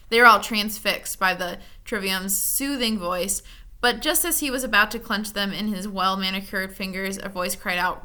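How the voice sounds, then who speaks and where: A woman reading a children's novel aloud with expressive storytelling. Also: medium pitch, moderate pace. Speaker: reader.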